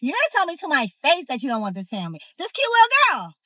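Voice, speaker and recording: A young woman telling a personal story in a casual, sassy, animated way, speaking straight to her viewers. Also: high voice, quick pace, no room sound, rough recording. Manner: animated, sassy, talks to the viewer, acts out others' voices. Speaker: storyteller host.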